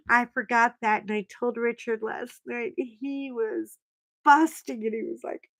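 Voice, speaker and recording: A middle-aged woman chatting on her own livestream, telling stories in an animated way and shrieking when she quotes herself. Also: fairly high pitch, measured pace, highs cut off. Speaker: livestream host. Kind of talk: casual chat to live viewers.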